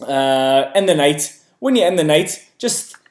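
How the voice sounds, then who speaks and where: A man's voice: on the high side, animated, a little slow, roomy sound. A man hosting a casual educational vlog in a put-on Irish accent, playfully explaining step by step. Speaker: host.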